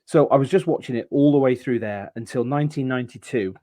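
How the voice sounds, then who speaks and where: A man guest on a podcast, telling stories in casual chat and pausing with many ums. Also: mid-range voice, dark tone. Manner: rambling storyteller, halting with many ums.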